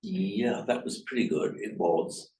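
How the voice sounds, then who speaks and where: A man teaching a language class, correcting his students' pronunciation in a halting, repetitive way. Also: medium pitch, sing-song, a little mellow. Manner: hesitant, repeats words, corrects pronunciation. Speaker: Pali teacher. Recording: echoey room, mic far off.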